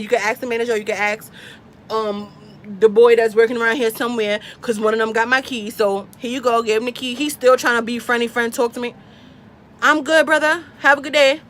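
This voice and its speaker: A young woman in her twenties tells a casual story to camera, her voice fairly high and full of animated swings as she acts out other people's lines. A faint hiss sits under the recording. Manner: animated, acts out quotes with big pitch jumps. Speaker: vlogger.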